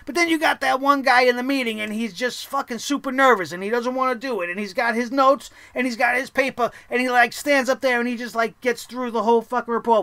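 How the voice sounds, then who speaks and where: A man's voice: extremely high pitch, fairly quick, few pauses, no echo. A man hosting a wrestling review show, ranting heatedly and swearing often. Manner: profane, heated, animated ranting.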